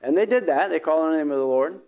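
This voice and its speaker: A man preaching a sermon, halting, with many fillers and restarts, often clearing his throat. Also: on the high side, darkish tone.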